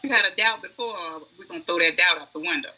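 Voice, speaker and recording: A woman talking on a podcast with a husky, raspy edge and a very tense, cutting brightness. She tells stories with emphasis and slips into little voices for the messages she hears. She sounds like a card reader explaining her craft. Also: fairly low pitch, quick pace, poor audio. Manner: emphatic, acts out inner voices. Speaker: guest oracle card reader. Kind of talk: conversational podcast storytelling.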